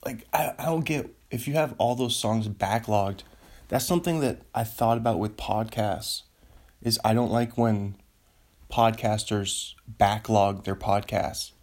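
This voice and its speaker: A man hosting a solo podcast, rambling and excitable, joking around as he talks from his home studio. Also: on the low side, unhurried. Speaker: podcast host.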